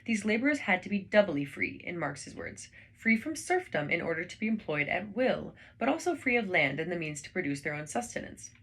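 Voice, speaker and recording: A woman reading books aloud in a calm, measured way, slowing down for verse. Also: lowish voice, breathy edge. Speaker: reader.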